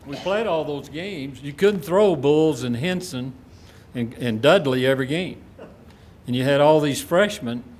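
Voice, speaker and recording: A man's voice: on the high side, measured pace, darkish tone, slight background noise. Dry-spoken man, former coach. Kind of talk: panel answer.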